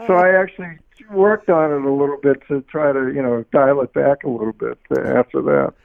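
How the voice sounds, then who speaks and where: Older man, Boston accent, interview guest, gravelly voice, easygoing, tinny phone line. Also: mid-range voice. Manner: easygoing, laughs often, halting restarts. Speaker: musician guest. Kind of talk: casual interview chat.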